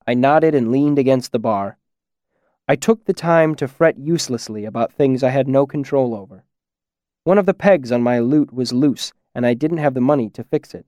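A man narrating a first-person fantasy audiobook in a measured, reflective way. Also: mid-range voice, mellow, no room sound, clean studio sound.

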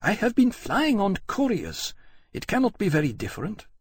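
A man voicing a fierce, proud and scornful queen in an audiobook, in a husky voice with an urgent, imperious delivery. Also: sits high, huge pitch swings, normal speed, voice pushed up, exaggerated voice. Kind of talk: audiobook character voice.

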